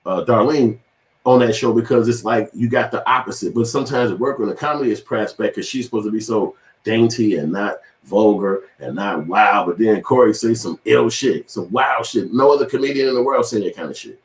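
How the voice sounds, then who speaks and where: A man hosting his own channel, talking in a profane, animated commentary monologue and slipping into quoted voices as he tells stories. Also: medium pitch, roomy sound, poor audio. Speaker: channel host.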